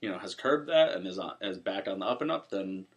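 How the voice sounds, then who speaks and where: A man's voice: low voice, expressive, fairly quick. A man who works as a voice actor, laughing often and talking sports on a podcast. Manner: laughs often, rambling with restarts. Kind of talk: casual sports podcast chat.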